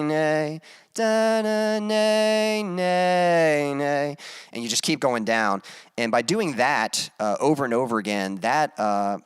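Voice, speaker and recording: Young guy musician rambling on his live stream, smooth clear voice, dry close sound, lots of ums. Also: lowish voice, fairly bright tone, dry recording. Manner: rambling, many fillers and restarts, demonstrates vocal exercises. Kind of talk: casual live-stream chat, reading viewer comments.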